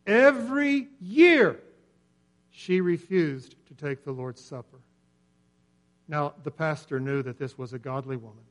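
A man preaching a sermon in earnest, swelling louder on key points and dropping nearly to a whisper. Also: mid-range voice, normal speed. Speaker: pastor.

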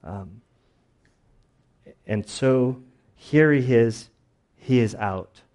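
A man's voice: mid-range voice, very slow, a little mellow. A young adult man preaching a sermon in a casual, conversational way, with plenty of fillers and little acted-out quotes. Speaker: pastor.

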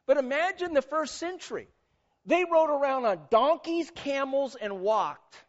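A man preaching a sermon as pastor, animated and conversational, drawing the congregation in with questions. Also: very high-pitched, measured pace, dull audio. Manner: animated, conversational, quizzes audience.

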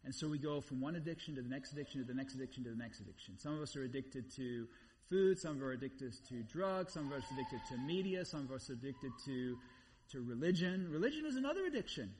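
A man preaching a sermon in a conversational, animated way, repeating phrases for emphasis. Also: medium pitch, fast. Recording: long reverb, voice somewhat far from mic.

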